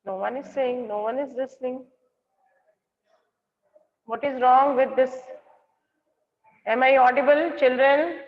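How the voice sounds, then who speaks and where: A woman's voice: high voice, steady tone, unhurried, pauses often. Female teacher, Indian English accent, online lesson, explains as she goes; lo-fi call audio, reverberant. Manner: explains words and checks if students hear her. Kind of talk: online class lecture. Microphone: online class call.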